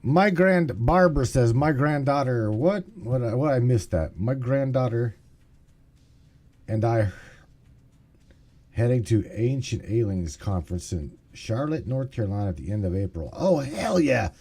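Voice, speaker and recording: A man's voice: medium pitch, animated, a little slow, a little mellow. A man hosting a casual call-in stream, rambling, swearing, and getting exasperated with tech trouble. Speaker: podcast host.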